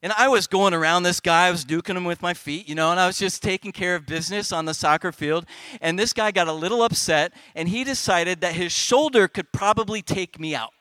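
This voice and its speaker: A middle-aged man speaking on stage at a youth festival, telling a comic personal story to kids with big swings in loudness. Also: high voice, fairly quick, no echo.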